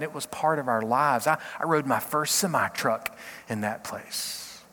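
A middle-aged man, a pastor, giving a short devotional talk in an earnest, halting way, often repeating words. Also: medium pitch, sharp tone, in a large hall, slight background noise.

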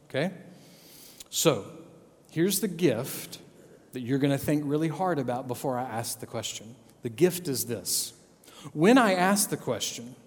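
Man, children's sermon, playful storyteller, fairly high voice, long reverb. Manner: playful, animated storytelling with frequent "okay?" check-ins. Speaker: preacher telling a Bible story.

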